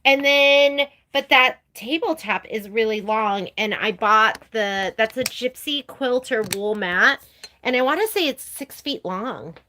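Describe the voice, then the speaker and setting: A woman presents a sewing livestream from her home sewing room, chatting in a rambling, casual way with laughing asides. Her voice is a little high, expressive and sharp in tone, and she takes her time.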